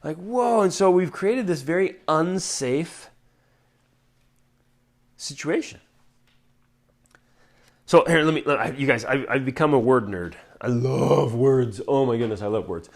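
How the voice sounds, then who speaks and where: Man, podcast host, earnest and direct; leaps to loud emphasis, drops to a near whisper. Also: mid-range voice, a little slow, long pauses. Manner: animated, swinging from loud emphasis to hushed, near-whispered words; earnest and direct, with many restarts and rhetorical questions. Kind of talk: heartfelt casual talk to listeners.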